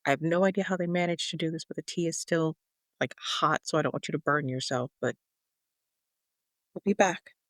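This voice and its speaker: A person playing a character in a tabletop game, speaking softly and reassuringly with hesitations. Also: medium pitch, steady tone, fairly quick, long pauses, dry recording, clean studio sound. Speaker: player.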